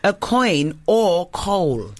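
Brief: woman quiz host, giggly and self-mocking, animated pitch, dry close mic. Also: extremely slow, no echo. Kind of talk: casual podcast game hosting.

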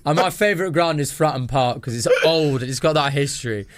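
A man's voice: on the high side, fairly quick. A man from England co-hosting a casual football podcast, ranting animatedly and repeating himself for emphasis. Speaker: podcast co-host. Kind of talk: casual banter.

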